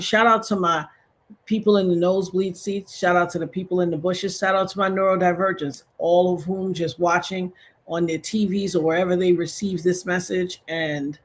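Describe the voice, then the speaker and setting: Husky-voiced woman hosting a live stream. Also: fairly low pitch. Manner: effusive and churchy, praising God; addresses viewers directly, rallying likes. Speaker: livestream host. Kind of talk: casual livestream chat.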